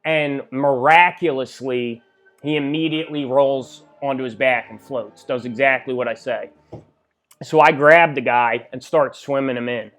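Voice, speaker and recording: A man casually telling a first-person story in a plain-spoken way, getting louder and higher at the tense moments. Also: steady tone, a little slow, faint music behind.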